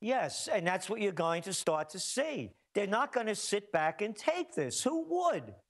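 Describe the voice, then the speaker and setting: A man's voice: high voice, sing-song, unhurried. A man speaking as a guest, giving heated, emphatic political commentary full of rhetorical questions.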